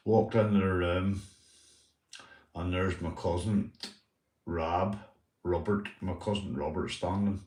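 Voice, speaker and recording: A man's voice: sits low, a little mellow, reverberant, far from the mic, rough recording. A Northern Irish man telling stories on his livestream, swearing often and asking "right?" after almost every line. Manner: swears a lot, repeats "right?" and "mate". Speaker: livestream host. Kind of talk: casual livestream storytelling.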